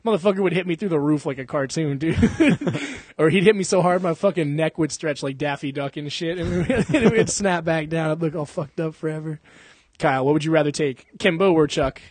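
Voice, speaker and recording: A young man talks in a casual chat, swearing freely and laughing through his animated stories. His voice sits a little high and sounds husky. The recording is dry and close. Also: fairly quick, no echo. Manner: profane, laughing, animated storytelling. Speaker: podcast host.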